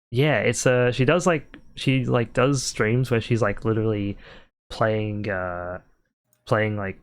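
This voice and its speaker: A man as a podcast guest, rambling casually with many "like"s and "uh"s. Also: fairly low pitch. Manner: rambling, heavy use of "like" and "uh". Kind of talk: casual chat.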